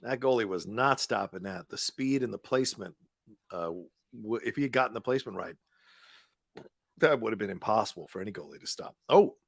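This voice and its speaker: A man hosting a live match watchalong, reacting excitedly to the play and laughing often. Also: fairly low pitch, a little fast, vocal fry, no echo, clean studio sound. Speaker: watchalong host.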